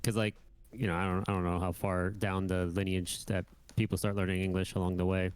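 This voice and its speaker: A man co-hosting a casual podcast chat, joking and laughing often, asking halting questions. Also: deep voice, little pitch movement, smooth, no room sound.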